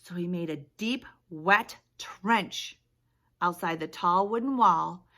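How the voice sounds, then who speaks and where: A woman teacher reading a picture book aloud to young children, with lively gasps and questions. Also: on the low side, slow pace. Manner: animated storytelling, gasps and asks questions. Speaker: preschool teacher.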